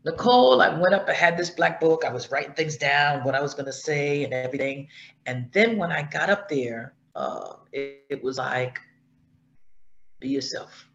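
A middle-aged woman tells her story in a casual chat, her voice gravelly with vocal fry. She acts out the voices she quotes, and the line sounds dull and lo-fi, with faint noise under it. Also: low-pitched, moderate pace, a bit bright. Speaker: guest.

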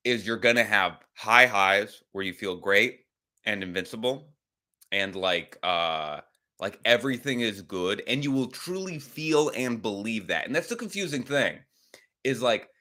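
A man with a medium-pitched, pushed, bright voice hosts a podcast livestream, rambling casually, swearing now and then, and reacting to chat comments.

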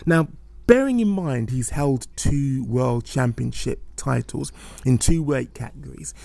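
A man's voice: mid-range voice, animated, unhurried, gravelly, dark tone, dry recording. A man hosting a podcast, talking earnestly with many restarts and fillers. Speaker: podcast host. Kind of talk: casual podcast chat.

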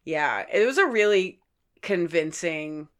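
A woman's voice: on the low side, lively intonation, measured pace, a bit bright. A young woman co-hosting a podcast, talking in slangy, laid-back casual chat full of fillers. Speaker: podcast co-host.

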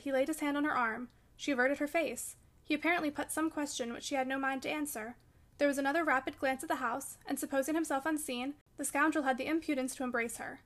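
A woman narrating a classic novel in an audiobook, in a measured, expressive storytelling manner. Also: sits high.

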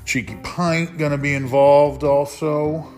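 A man's voice: on the high side, fairly even intonation, unhurried, a little mellow, soft background music. A man hosting a casual solo podcast, rambling and frank, swearing when he gets worked up. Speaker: podcast host.

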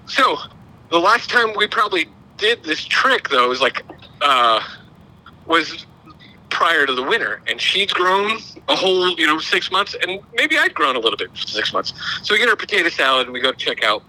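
A man's voice: fairly high pitch, very animated, normal speed, pushed and bright, poor audio. A middle-aged man, telling a long, rambling, self-deprecating story in casual podcast chat. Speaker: podcast co-host.

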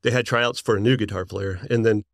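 Male guest, 40s, rambling excited storyteller, dry recording. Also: on the low side, brisk, creaky, no echo. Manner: excited, rambling, laughs often. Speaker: interview guest, musician. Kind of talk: casual storytelling.

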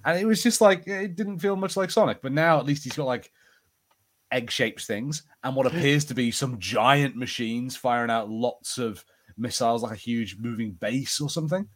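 A man's voice: mid-range voice, normal speed, fairly bright tone. Guy on a pop culture podcast, casual chat, laughs a lot, lots of ums. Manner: chatty, laughs often, hesitant ums. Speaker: podcast co-host.

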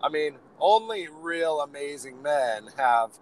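A man with a hoarse, raspy voice from a sore throat, co-hosting a podcast in casual, joking chat while riding in a car. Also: on the high side, expressive, takes it slowly, a crowd in the background, rough recording. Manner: joking, rambling, upbeat. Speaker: podcast co-host. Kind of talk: casual chat on a phone call from the road. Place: inside a moving car. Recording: faint road noise from a car.

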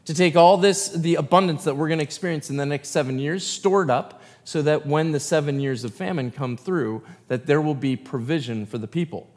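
A male pastor reads scripture in a sermon, stopping now and then for a short aside to the congregation. His voice sits a little higher than most men's. The church room adds a long, ringing reverb behind him. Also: fairly quick, hardly any pauses, darkish tone.

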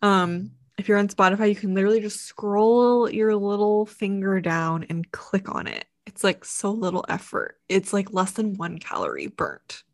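A woman's voice: mid-range voice, very animated, moderate pace, hardly any pauses. A woman in her twenties co-hosting a podcast in casual chat, chatty and full of "like", laughing often. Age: 20s. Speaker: podcast co-host.

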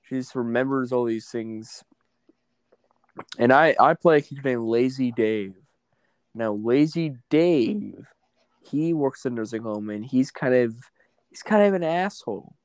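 A man's voice: mid-range voice, animated, a little slow, clean tone, no echo. Dry, blunt-talking man. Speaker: stage actor and podcast guest. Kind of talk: casual chat.

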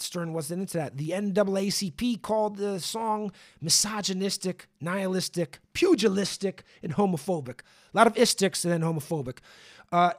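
A man hosting a podcast on his own, talking in a rambling, profane way with lots of fillers and asides. He has had the hiccups for days. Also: a little high. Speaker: podcast host. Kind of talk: casual solo podcast monologue.

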